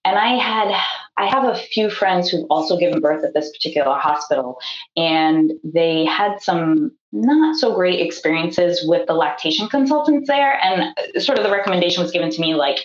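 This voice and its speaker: A young woman with a somewhat low voice tells her story in a chatty way, full of fillers and quoted dialogue. The recording sounds echoey and muffled, like a remote call in a bare room. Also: lively intonation, normal speed. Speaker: podcast guest. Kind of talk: casual storytelling. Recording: echoey, dull remote audio.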